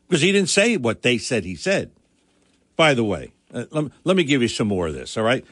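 A man's voice: fairly high pitch, fairly bright tone, no room sound, studio quality. A middle-aged man hosting a political talk radio show, with an emphatic, indignant manner and frequent restarts.

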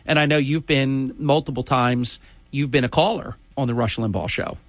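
A man's voice: medium pitch, normal speed, dry recording. A man hosting a morning talk radio show, talking in an emphatic, chatty way.

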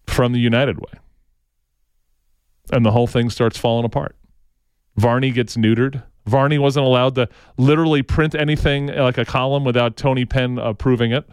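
This talk-show co-host has a clear, resonant mid-range voice, speaking at normal speed with frequent pauses in a dry recording. His stories ramble and carry strong opinions; he keeps restarting sentences, tags them with "right?", and mimics the people he quotes.

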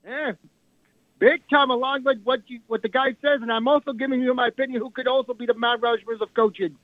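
A man's voice: extremely high pitch, fairly even intonation, fairly quick. A man calling in to a sports radio show, talking in a rambling, insistent way. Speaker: caller. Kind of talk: call-in radio talk. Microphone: telephone. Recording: tinny phone line.

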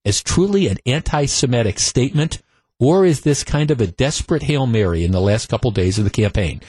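A man's voice: medium pitch, lively intonation, moderate pace, a little mellow, no room sound. A man hosting a political talk radio show, opinionated and emphatic, often repeating himself as he builds his case. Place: radio studio.

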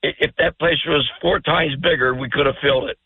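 An older man calling in to a radio show, chatting casually, rambling and stammering with a gravelly voice. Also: fairly high pitch, fairly even intonation, a little fast, dry recording. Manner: rambling, stammers and repeats words. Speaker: phone-in guest. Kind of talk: casual talk radio chat. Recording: dry tinny phone line.

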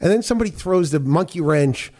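A man's voice: on the high side, animated, brisk, a little mellow. A man co-hosting a podcast in casual chat, brash, joking and emphatic. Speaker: podcast co-host.

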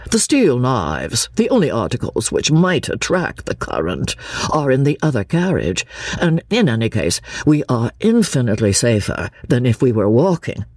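A reader voicing a pompous male chaplain who lectures slowly and solemnly. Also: mid-range voice, big pitch swings, a little mellow, no echo, studio quality. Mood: lecturing. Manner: slow, lecturing delivery.

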